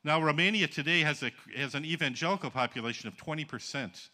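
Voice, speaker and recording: A man's voice: fairly high pitch, quick pace, bright, forceful tone. A man from the Upper Peninsula of Michigan preaching a sermon, telling folksy stories and calling out to the congregation for answers. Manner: folksy, jokes with the congregation and calls for responses.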